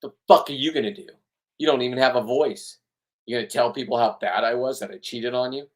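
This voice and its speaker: A man's voice: medium pitch, a little fast. Middle-aged male boat captain, vlog monologue; heated and profane, repeats and restarts. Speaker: spearfishing boat captain and vlogger. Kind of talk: rambling emotional monologue.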